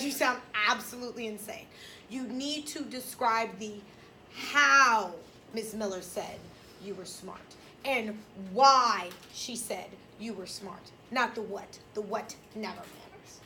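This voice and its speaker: A woman lectures her classroom in a blunt, emphatic, sassy way. Her voice sits a touch high and rings bright and forceful. Faint background noise from the room sits under her words. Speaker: high school English teacher.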